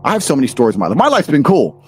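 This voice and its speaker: A man's voice: on the high side, wildly swooping pitch, rapid-fire, a little mellow, soft background music. A man with a British accent, a podcast guest telling blunt, profane stories and ranting emphatically. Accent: British English. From England.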